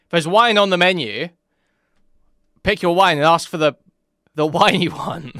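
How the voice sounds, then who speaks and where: A man talks over a clip he is reacting to, mocking and disbelieving in a casual way. His voice sits a little high and sounds bright and crisp. The sound is dry and close to the mic. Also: moderate pace, dry recording. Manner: incredulous, laughing, mocking reactions. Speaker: commentary host reacting to a clip.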